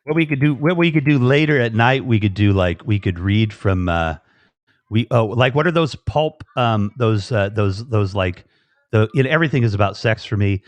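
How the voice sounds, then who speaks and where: A man's voice: lowish voice, animated, normal speed, no room sound. A man with an American accent hosting a livestream, chatting playfully with lots of fillers and restarts. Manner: playful, flirty, rambling with many fillers. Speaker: livestream host. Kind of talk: casual livestream chat.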